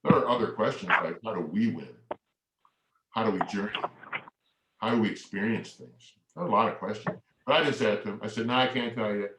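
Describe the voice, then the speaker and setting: A man's voice: on the low side, a little fast, background noise. A middle-aged man gives a keynote talk in storytelling style, acting out both sides of remembered conversations. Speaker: keynote speaker. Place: large hall. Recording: echoey hall, mic far off.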